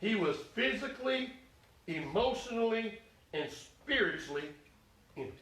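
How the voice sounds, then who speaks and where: A man's voice: sits high, big pitch swings, a little slow, roomy sound, distant mic, poor audio. A man preaching a folksy, emphatic sermon, acting out complaints in first person. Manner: voices Elijah's complaints in first person, rising to shouts. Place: church.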